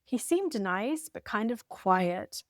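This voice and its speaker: Woman, 40s, from the US, wry journal storytelling, jumpy pitch, dry. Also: big pitch swings, slow pace, dry recording. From United States. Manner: wry and lighthearted, with sudden lifts of pitch. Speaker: vlogger. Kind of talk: storytelling while reading from an old journal.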